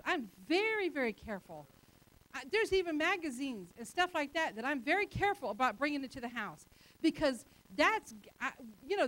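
A woman's voice: sits high, fairly bright tone. A woman preaching a sermon in an emphatic, conversational way, acting out quotes as she goes.

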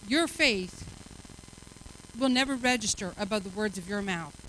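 A woman preaching a sermon, chatty and folksy at first, then rising to loud, fervent declarations. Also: mid-range voice, normal speed, a little hiss or hum, low-quality recording.

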